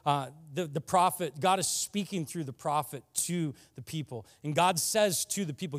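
Man preaching, earnest, builds to passionate emphasis, fairly high voice, restarts often. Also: normal speed, hardly any pauses. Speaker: pastor. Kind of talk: sermon.

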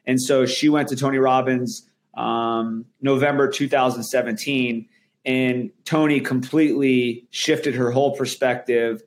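A man's voice: medium pitch, steady tone, unhurried. A man speaking as an interview guest, earnest and emphatic, often restarting his sentences. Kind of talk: candid interview conversation.

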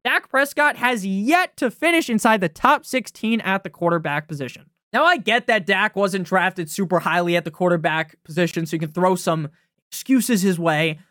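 His voice sits high and sounds pushed and bright, with no echo and studio-grade clarity. A young fantasy football podcast host, he delivers a fast, foul-mouthed casual sports rant, often asking "right?"

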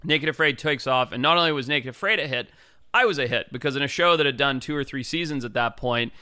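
Bright, animated storyteller man. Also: medium pitch, quick pace, clear, resonant tone, dry recording, studio quality. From Africa. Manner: animated, loose and chatty with many "like"s, acts out other people's lines. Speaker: interview guest, wildlife biologist. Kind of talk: casual storytelling.

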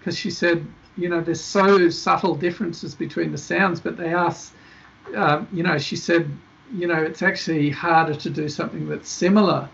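A man's voice: on the high side, fairly even intonation, moderate pace, gravelly, a bit bright. A male film director guest, talking casually and rambling with many restarts in a podcast interview. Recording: dull lo-fi podcast audio.

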